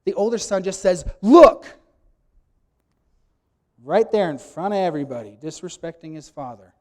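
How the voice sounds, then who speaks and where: A man preaching a sermon, teaching emphatically and acting out quoted lines with sudden loud bursts. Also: fairly high pitch, expressive, quick pace.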